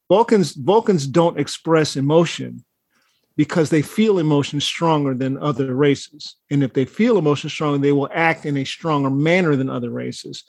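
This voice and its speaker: A man in casual conversation, telling stories in a heated, animated way with plenty of swearing. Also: a little high, gravelly, dry recording, studio quality. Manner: animated, profane, heated storytelling. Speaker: podcast co-host. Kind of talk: casual chat.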